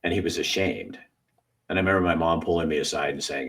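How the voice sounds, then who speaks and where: A middle-aged man hosting a casual conversation, an animated storyteller who acts out voices and laughs often. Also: very deep voice, quick pace, vocal fry, far from the mic. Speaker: host.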